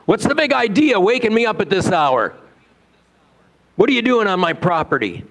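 A man voicing a grumpy farmer, roused from bed, scolding a late visitor with a gruff shout. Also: high-pitched, sing-song, moderate pace, pitched above the performer's own voice, full character voice, low-quality recording. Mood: annoyed. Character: grumpy farmer woken at night.

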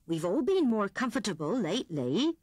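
A woman's voice: medium pitch, very animated, moderate pace, a little mellow, slightly rough, dry recording. A woman voicing a kindly old male hedgehog who grumbles in a plain, homely way. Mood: gruff.

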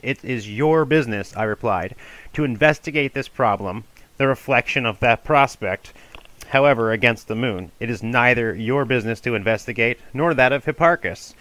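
A man giving a measured, formal audiobook reading of an ancient philosophical dialogue. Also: mid-range voice, bright, forceful tone, poor audio. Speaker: reader of a classical dialogue.

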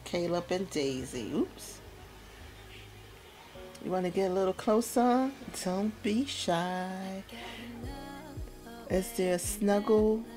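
A woman's voice: medium pitch, slow, pauses often, warm tone, faint music behind. A woman hosting a gameplay video, chatting playfully and casually with slangy asides. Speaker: let's play host.

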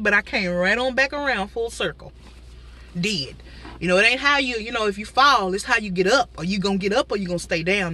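Bright-voiced woman, a little stuffy. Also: mid-range voice, animated, normal speed, breathy edge. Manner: chatty, talks straight to viewers with frequent asides. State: slightly stuffy from a cold. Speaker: vlogger. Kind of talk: casual talking mukbang chat. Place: inside a parked car.

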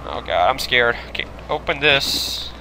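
Panicky swearing man yelling at a game. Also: mid-range voice, animated, unhurried, slight background noise. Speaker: gaming video host. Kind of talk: horror game let's play commentary.

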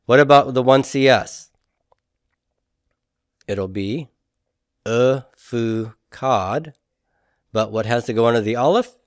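A male teacher lecturing to a class at a board, asking questions and sounding out forms syllable by syllable. His voice sits at an ordinary middle pitch. The room sound is dry and close. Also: no echo. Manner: patient, quizzing students with questions and repeating forms slowly. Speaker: Hebrew grammar teacher.

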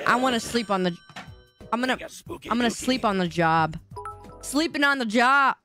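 Goofy woman streamer, lively voice. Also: fairly high pitch, normal speed, long pauses, no room sound, soft background music. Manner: playful, goofy, repetitive exclamations. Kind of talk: casual game-stream commentary.

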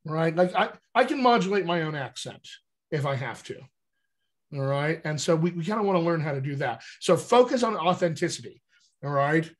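Man, general american accent, dialect coach, fairly high voice, talks over a video call, keeps checking in with "all right?". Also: a little fast. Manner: animated teaching, frequent "all right?" check-ins. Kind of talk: casual video call chat.

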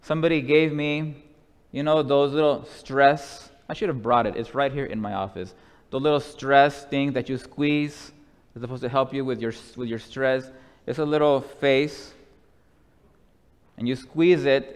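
A man preaching a sermon slowly and deliberately, sometimes dropping to a soft hush. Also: mid-range voice, steady tone, smooth. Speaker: pastor. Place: church sanctuary. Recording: long church reverb.

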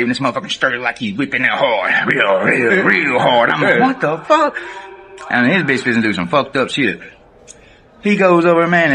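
Bright-voiced Southern man telling a story. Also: mid-range voice. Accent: Southern American. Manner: animated, profane, laughing storyteller. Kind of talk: casual storytelling to camera.

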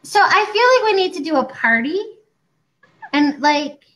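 A woman in her forties co-hosting a casual chat, talking in a chatty, animated way and acting out other people's lines. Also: sits high, measured pace, rough recording. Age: 40s. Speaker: co-host.

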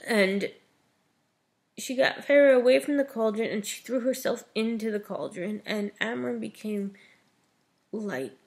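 Woman vlogger, unhurried and a bit gravelly, retelling a plot with lots of fillers. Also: a little high, darkish tone. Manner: chatty retelling, frequent "like" and "you know". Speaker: book reviewer. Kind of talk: casual book review vlog.

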